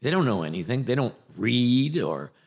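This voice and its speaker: A man's voice: medium pitch, big pitch swings, moderate pace. A man, an acting coach chatting on a podcast in a teasing, rambling way with many restarts. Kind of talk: casual chat.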